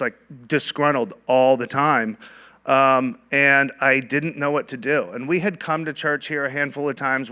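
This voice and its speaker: A man's voice: medium pitch, bright, forceful tone. A man, a church leader, telling his personal testimony to a church group in a candid, conversational way with frequent ums and restarts.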